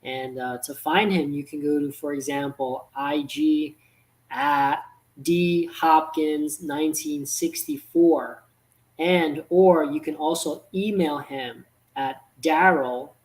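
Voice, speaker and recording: A channel host running a casual interview at a middling pitch. The host talks hesitantly, often restarting sentences. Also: low-quality recording.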